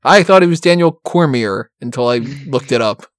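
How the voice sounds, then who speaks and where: Male podcast talker, rambling and profane, mid-pitched, dry recording. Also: lively intonation, a little fast, a bit bright, dry recording. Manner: profane, laughing often, rambling. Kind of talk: casual wrestling chat.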